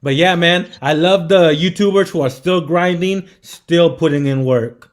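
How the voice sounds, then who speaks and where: A young man, the guest on a live stream, telling animated stories in casual chat, often saying bro and man. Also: fairly high pitch, a little slow. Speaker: guest entrepreneur.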